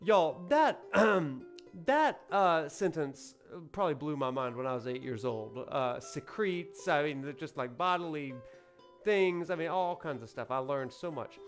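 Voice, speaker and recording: A man's voice: on the high side, expressive, unhurried, faint music behind. A man giving playful, joking commentary as he plays through a game. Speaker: game streamer. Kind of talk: let's play commentary.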